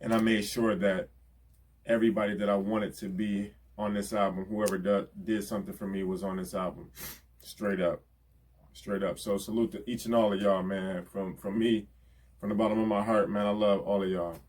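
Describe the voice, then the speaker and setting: Earnest low-voiced man giving shout-outs. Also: level tone, normal speed. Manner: earnest, repeats "you know what I'm saying". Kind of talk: casual heartfelt talk.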